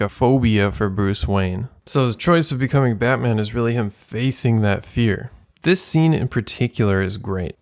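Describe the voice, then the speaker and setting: A man's voice: medium pitch, a little mellow, no room sound, clean studio sound. A young man reading a scripted film review with enthusiasm and light jokes. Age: young adult. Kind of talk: scripted movie review narration.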